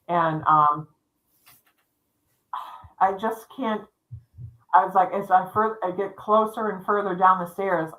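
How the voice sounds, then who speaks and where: A woman's voice: lowish voice, fairly bright tone, rough recording. A middle-aged woman telling a spooky personal story on a livestream, rambling with restarts and acting out what people said. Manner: rambling, with restarts and quoted dialogue. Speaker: psychic storyteller co-hosting a livestream. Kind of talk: casual spoken storytelling.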